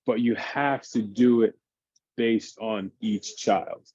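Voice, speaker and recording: Male fitness expert, mellow tone, lively explainer, slightly lo-fi call sound. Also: on the low side, slow, husky, dry recording. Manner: animated, explains by acting out his kids' games. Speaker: fitness expert on a parenting panel. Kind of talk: casual panel discussion.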